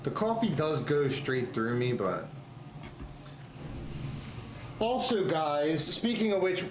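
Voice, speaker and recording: A man chatting casually on a live game stream, excitable and rambling, laughing often. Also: high-pitched, a little hiss or hum. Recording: echoey room with faint ambience.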